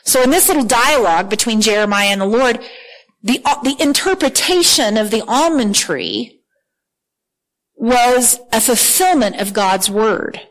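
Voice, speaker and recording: A woman delivers a sermon with earnest, animated energy, reading scripture aloud and frequently repeating words. Her voice is slightly high and a bit slow, captured on a low-quality recording.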